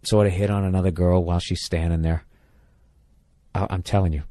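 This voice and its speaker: A man's voice: sits low, steady tone, a little fast, dark tone, dry recording. A man from the United States, a podcast host giving comedic advice in a blunt, profane, rambling rant.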